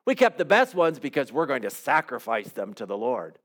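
A man's voice: medium pitch, very animated, fairly quick, a bit bright. A man voicing an ancient king who keeps justifying and backpedaling to excuse himself. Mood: defensive. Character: defensive ancient king making excuses, male.

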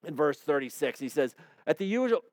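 A man's voice: fairly high pitch, very animated, fairly quick, no room sound. A man preaching a sermon, retelling a Bible story in a conversational way and acting out quotes with playful humor.

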